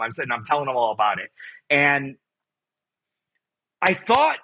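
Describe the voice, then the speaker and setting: A man from Buffalo, New York, telling a personal story as a guest, lively and quick to act out voices and shouts. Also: fairly high pitch, husky, poor audio. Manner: animated storyteller, acts out his own shouts and quotes.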